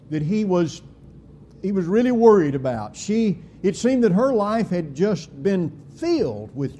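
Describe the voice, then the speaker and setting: A man preaching a sermon, with slow, deliberate delivery and emphatic swings in pitch and volume. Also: warm tone, slight background noise.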